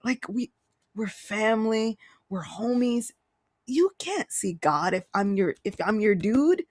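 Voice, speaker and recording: A woman voicing a calm male god who talks to his friend in casual slang. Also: high-pitched, a little slow, no room sound, studio quality. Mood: laid-back. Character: laid-back male god speaking as a buddy.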